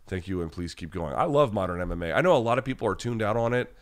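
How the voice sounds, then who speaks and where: A man's voice: fairly low pitch, lively intonation, fast talker. A man hosting a live chat podcast, talking bluntly and casually and swearing freely as he answers viewers while sick at home. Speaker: podcast host.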